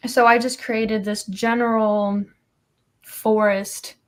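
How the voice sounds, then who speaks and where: A woman's voice: on the high side, level tone, slow. A woman comic artist talking casually on a livestream, explaining her process with many ums and you-knows.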